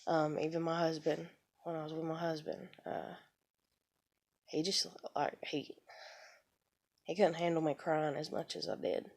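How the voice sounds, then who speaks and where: A young adult woman rambling bitterly about her life, halting often with "you know" fillers. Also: deep voice, flat delivery, darkish tone. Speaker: vlogger. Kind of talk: unscripted personal rambling.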